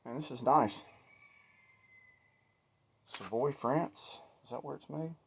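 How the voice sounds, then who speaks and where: A middle-aged Southern outdoors vlogger rambles with folksy good humor, chatty and self-deprecating, his mid-range voice quick, gravelly, and a bit bright. Still sweaty and shaky from working outside, he talks casually in the woods as crickets and insects chirp, with slight background noise.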